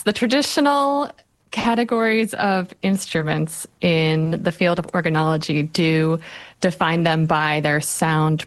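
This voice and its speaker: Low-voiced woman explaining calmly. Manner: measured and explanatory. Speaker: author guest. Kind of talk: explanatory interview answers.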